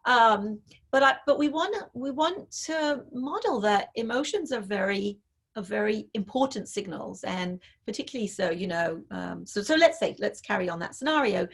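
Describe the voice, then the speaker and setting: A woman's voice: mid-range voice, expressive, normal speed, vocal fry, slightly rough. A woman author being interviewed over a video call, thoughtfully explaining parenting ideas through examples, with frequent fillers. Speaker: author and parenting expert guest.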